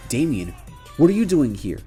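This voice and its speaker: A man's voice: mid-range voice, brisk, mellow, soft background music, lightly acted. A man voicing a determined, loyal young champion trainer who speaks earnestly and firmly. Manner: earnest, firm.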